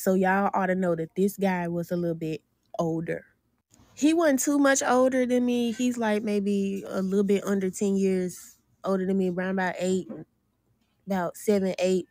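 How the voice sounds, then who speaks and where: A woman telling an animated storytime to her viewers, laughing often and calling them "y'all". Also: medium pitch, dry recording, clean studio sound. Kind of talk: storytime vlog.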